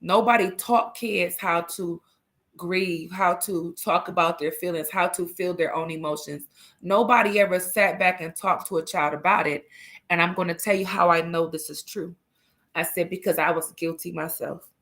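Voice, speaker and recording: A woman's voice: on the low side, steady tone, moderate pace, a bit bright. A middle-aged woman hosting a livestream, telling a personal story in an earnest, emphatic and frank way. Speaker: livestream host.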